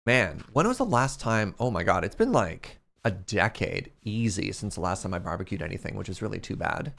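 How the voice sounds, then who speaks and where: A man's voice: on the low side, sing-song, fairly quick, gravelly, fairly bright tone. A man in his thirties streaming a game, telling a story in casual chat and laughing often. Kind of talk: casual storytelling while gaming.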